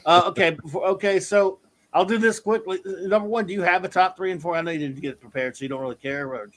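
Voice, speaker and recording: A man's voice: high voice, fast talker, fairly bright tone. A man hosting a casual review podcast, talking loosely with lots of ums and restarts. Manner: loose, filler-heavy, meandering. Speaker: podcast host.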